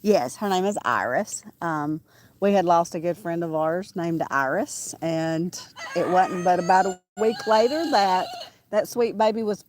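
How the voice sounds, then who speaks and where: A woman talks in a chatty, rambling way, with plenty of "um"s, and her voice sits a touch low. She is outdoors on a small farm during a casual livestream, and roosters and farm animals faintly crow and call behind her. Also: measured pace, darkish tone, slight background noise. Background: roosters crowing and farm animals.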